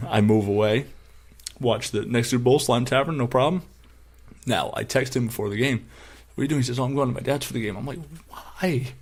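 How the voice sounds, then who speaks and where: A man's voice: mid-range voice, a little fast, pauses often, husky. A young man co-hosting a casual sports podcast, telling stories and acting out his friends' lines with lots of swearing. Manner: animated storyteller who acts out quoted friends loudly and profanely. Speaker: podcast co-host.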